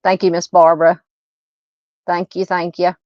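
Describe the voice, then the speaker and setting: A woman's voice: lowish voice, level tone, normal speed, no room sound. A Southern woman hosting a true crime livestream, talking loosely and casually with lots of fillers. She is recorded dry and close, on a slightly muffled, dull-sounding mic. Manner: chatty, warm to viewers, frequent fillers and laughs. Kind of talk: casual livestream chat reading comments.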